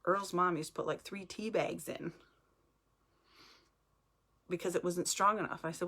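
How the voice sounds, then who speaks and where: A woman's voice: fairly low pitch, steady tone, measured pace, long pauses, fairly bright tone, breathy edge. A woman casually chatting on a live video, joking and greeting viewers by name as she reads their comments. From United States. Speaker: independent sales director hosting a live video.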